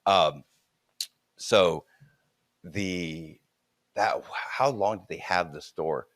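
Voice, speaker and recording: A middle-aged man telling a childhood story in casual conversation, animated and laughing often, restarting his sentences as he goes. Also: low-pitched, drawn-out words, no room sound.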